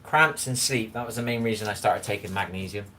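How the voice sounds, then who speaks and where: Fairly quick and pushed, his lowish voice comes across bright, with a slight background noise underneath. He's a man livestreaming from his kitchen, cooking and tidying while he rambles chattily to viewers, talks directly to the chat, and swears bluntly every so often.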